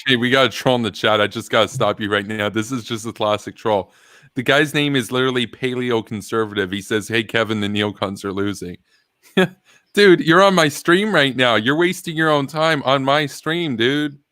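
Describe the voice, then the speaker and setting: A man's voice: mid-range voice, moderate pace, bright, forceful tone, no echo, clean studio sound. A man hosting a live political stream, talking casually and with animation, reading chat messages aloud and laughing often.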